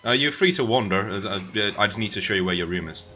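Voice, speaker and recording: A man's voice: on the low side, animated, fast, pushed and bright, slight background noise. A man voicing a polite, hesitant male castle guard in a tabletop game.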